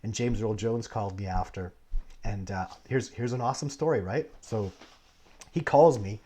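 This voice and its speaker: A man with a husky, fairly low voice hosts a casual livestream and answers viewer questions. He tells long, rambling stories full of restarts. His delivery jumps from excited outbursts to quiet, muttered asides. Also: moderate pace. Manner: rambling, digressive storytelling with many restarts; swings between animated bursts and low, muttered asides. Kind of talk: casual live Q&A chat.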